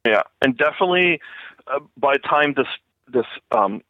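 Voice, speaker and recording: A man from Canada, a listener guest on a podcast roundtable, speaking in a measured way with frequent ums. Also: medium pitch, animated, no room sound. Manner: measured, many ums, unhurried. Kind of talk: casual roundtable chat. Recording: tinny phone-line audio.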